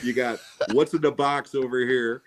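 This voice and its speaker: A man's voice: mid-range voice, steady tone, normal speed. A man co-hosting a podcast in casual chat, joking and quoting lines from films. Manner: jokey, quotes film lines. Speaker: podcast co-host.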